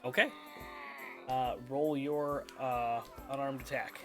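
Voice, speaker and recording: A man's voice: medium pitch, steady tone, slow pace, over music. A man narrating as game master in a loose, laid-back way, with fillers and chuckles.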